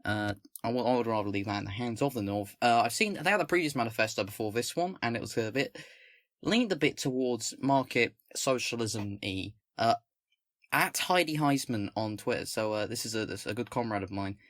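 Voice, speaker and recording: Male host from England, casual political commentator, halting and rambly delivery, close mic with no room sound. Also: medium pitch, a bit bright, dry recording. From England, not the North. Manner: rambling, halting, many fillers and restarts. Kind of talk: casual commentary with manifesto reading. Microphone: own microphone, close.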